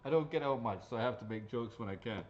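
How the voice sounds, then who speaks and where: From his golf shop or driving range, a man with a fast, mid-range, slightly mellow voice hosts a live raffle draw, chatting casually, making crude jokes and rambling between draws. The audio is slightly dull and lo-fi.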